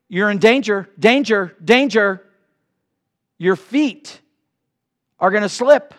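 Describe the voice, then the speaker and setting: A middle-aged male pastor preaching a sermon in a church, swinging between loud bursts and hushed asides. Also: sits high, expressive, takes it slowly, long pauses. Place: church sanctuary.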